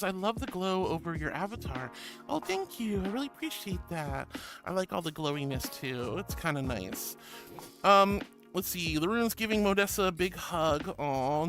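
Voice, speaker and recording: Gushing high-voiced man, music behind. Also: pushed and bright. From Florida. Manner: gushing and affectionate, calls viewers sweetie. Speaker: streamer. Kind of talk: casual chat reading out viewer messages.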